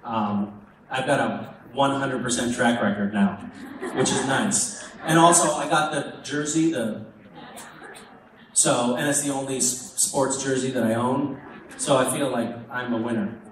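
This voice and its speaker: A man with an average-pitched voice trades wry, self-mocking jokes with fans from a convention stage. His voice rings around a big, echoing hall, caught from a distance with a clear wash of background noise. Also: measured pace. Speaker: convention panel guest answering fan questions. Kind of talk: joking, casual Q&A on stage. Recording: echoey hall picked up from afar, background noise.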